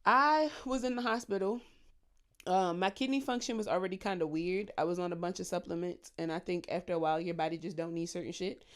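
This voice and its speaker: A woman co-hosting a podcast in casual chat, an animated storyteller who swears freely and acts out gossip in high mock voices. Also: fairly quick. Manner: profane, slangy. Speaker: podcast co-host.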